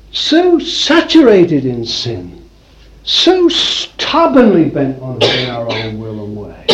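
Emphatic preacher man, lively voice. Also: high-pitched, lo-fi sound. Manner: emphatic, swinging from loud declarations to hushed asides. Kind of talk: sermon. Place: room with a congregation.

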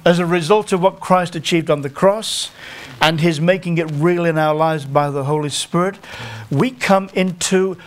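A middle-aged man with a North Staffordshire accent preaches in an easy, conversational way. He laughs at himself and often breaks off to start a phrase again. His voice sits slightly higher than most men's. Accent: English, North Staffordshire. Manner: conversational, self-deprecating, with halting restarts. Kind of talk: sermon.

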